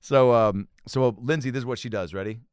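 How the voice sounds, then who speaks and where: A man's voice: mid-range voice, fast talker, clean tone, no room sound, clean studio sound. A man hosting a comedy podcast in casual banter, rambling and profane with frequent restarts. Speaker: podcast host.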